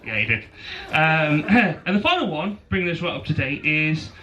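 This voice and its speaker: A man's voice: on the high side, sing-song, moderate pace, sharp tone, lo-fi sound. A young man giving a teasing best man speech into a handheld microphone at a wedding reception, joking and laughing between lines. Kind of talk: wedding speech with a rhyming poem. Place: wedding reception venue with guests. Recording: wedding video with crowd noise. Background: crowd of guests laughing.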